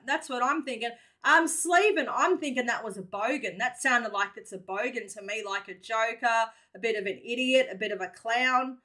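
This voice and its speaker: A woman's voice: high voice, sharp tone. An Australian woman hosting a reaction video, chatting casually in a slangy, bubbly way.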